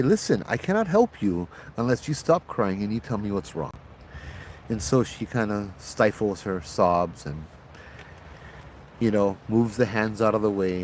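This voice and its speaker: A man with a Hawaiian accent, a bit tipsy, telling ghost stories outdoors in a relaxed, rambling way with local slang. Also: lowish voice, slight background noise. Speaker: host, ghost-story teller. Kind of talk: casual spoken storytelling. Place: outdoors at night.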